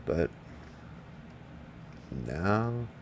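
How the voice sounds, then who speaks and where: A man's voice: fairly low pitch, expressive, extremely slow, a little hiss or hum. Profane, rambling man streaming. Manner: rambling, profane, talks back to viewers. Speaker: livestreamer. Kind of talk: casual livestream chat.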